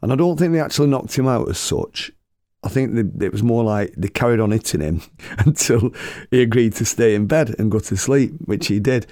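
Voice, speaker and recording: A man with a gravelly voice telling a comic story, swearing and chuckling as he goes. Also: mid-range voice, brisk, mellow, no echo, clean studio sound. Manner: swearing, chuckling anecdotal delivery.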